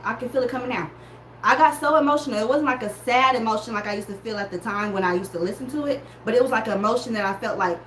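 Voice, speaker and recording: A woman in casual chat, telling an animated story and calling her listeners y'all. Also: a little high. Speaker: podcaster reviewing a music battle. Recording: echoey room with faint background noise.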